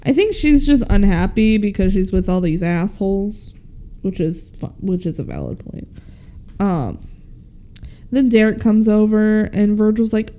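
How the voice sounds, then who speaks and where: A woman co-hosting a podcast, casually recapping a movie and quoting its characters in lively voices. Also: mid-range voice, measured pace. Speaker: podcast co-host. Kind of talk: casual film recap chat.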